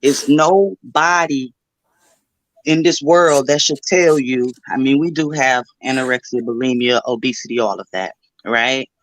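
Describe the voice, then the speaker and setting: Middle-aged woman caller, low voice, motherly and encouraging, dry close sound. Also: measured pace, no echo, rough recording. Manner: motherly and encouraging, with pet names. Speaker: caller giving advice. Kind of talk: supportive call-in chat.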